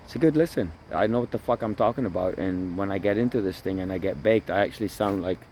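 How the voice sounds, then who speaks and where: A man with a somewhat low voice talks into a phone held in his hand while out by the water. He rambles, swears freely and circles back over the same points. Faint outdoor sounds sit behind him. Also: fast talker, a little mellow, slight background noise. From Toronto area. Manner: rambling, profane, repeats himself. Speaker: vlogger. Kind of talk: casual outdoor vlog monologue. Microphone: phone camera held by himself.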